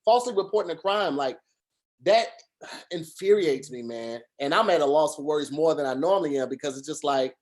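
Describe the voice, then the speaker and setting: A man's voice: a little high, animated, brisk. Earnest rambling man on a video call. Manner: earnest, rambling, many restarts and fillers. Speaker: podcast co-host. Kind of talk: casual chat.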